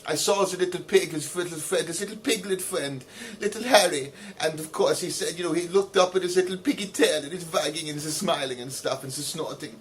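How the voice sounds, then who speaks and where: A man with a slightly high voice reads out letters and answers them in a rambling, mock-earnest way. He fills his talk with "of course" and a pompous show of sincerity. A faint hiss of noise sits under the recording. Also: fairly even intonation, fairly quick, hardly any pauses. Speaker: comedy video host reading letters.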